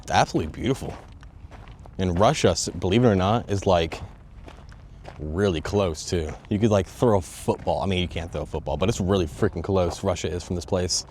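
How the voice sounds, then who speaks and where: A young man filming a casual walking travel vlog, talking straight to viewers in a joking, excitable way with plenty of swearing, out of breath as he goes. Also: sits low, brisk, slight background noise. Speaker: travel vlogger. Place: outdoors and in stone tunnels of a sea fortress. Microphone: phone on a selfie stick.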